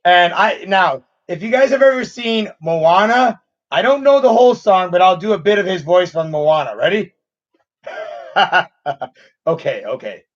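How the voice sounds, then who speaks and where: A man's voice: sits high, lively intonation, a little slow, highs cut off. A man in his thirties chatting casually as a host answering viewer questions, rambling with restarts. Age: 30s. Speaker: channel host. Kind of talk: casual live Q&A chat.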